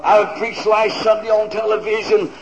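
A man preaching a fiery revival sermon, often shouting praise to a congregation. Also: high-pitched, flat delivery, normal speed. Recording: dull lo-fi recording with crowd.

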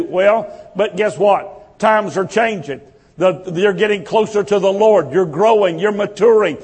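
A man preaches a sermon in a high, ringing voice, taking his time over each phrase. His delivery is impassioned and builds through repeated refrains. The sound carries the long reverb of a church hall. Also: a little slow, a little mellow, husky. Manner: impassioned, repetitive preaching cadence. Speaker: pastor.

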